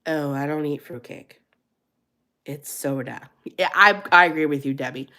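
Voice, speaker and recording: A woman's voice: low-pitched, normal speed, bright, forceful tone. A woman from Pennsylvania hosting a casual live chat, reading and answering viewer comments and laughing often. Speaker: live stream host.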